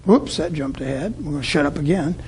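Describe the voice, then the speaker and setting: A man's voice: fairly high pitch, expressive, fairly quick, darkish tone, slightly rough. A middle-aged man from Tampa, Florida, speaking to business owners in a storytelling sales talk and acting out his customers' voices. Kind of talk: sales talk to a live audience.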